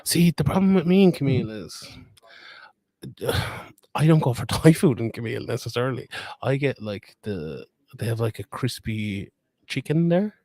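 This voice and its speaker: A man's voice: medium pitch, very animated, moderate pace, warm tone, no echo. A young man with a Limerick Irish accent, rambling and laughing as he hosts a casual live stream from a fight weigh-in. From Ireland. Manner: rambling, chatty, laughs often. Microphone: phone camera.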